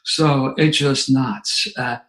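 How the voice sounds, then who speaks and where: A man, telling a personal story to a recovery meeting with lively, sarcastic asides. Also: mid-range voice, slow, poor audio. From Philadelphia area.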